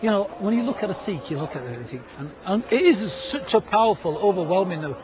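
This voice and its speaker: A middle-aged man with a Yorkshire accent, a storyteller speaking in an emphatic, animated way in a documentary interview, often repeating words as he goes. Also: high-pitched, fast, crowd noise. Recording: muffled TV audio with music behind.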